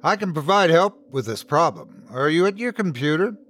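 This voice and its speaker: A man voicing an insistent male scam caller with brisk, smooth sales patter. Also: a little high, big pitch swings, a bit bright. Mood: scripted pitch.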